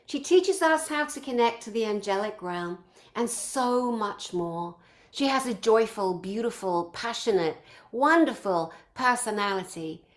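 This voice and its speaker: A woman's voice: medium pitch, expressive, measured pace. A woman organizing a conference, introducing its speakers one by one and piling up effusive praise in long lists.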